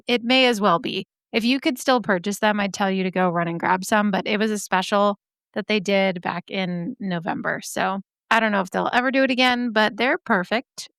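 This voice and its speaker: A woman's voice: mid-range voice, fairly bright tone, clear, resonant tone, no room sound, studio quality. Chatty woman podcast host, scratchy voice. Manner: gushing, chatty, swears freely. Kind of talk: casual chat.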